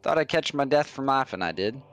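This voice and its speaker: A man's voice: medium pitch, lively intonation, a little fast, a bit bright, clean tone. A man voicing a teasing old keep resident who chuckles through folksy stories.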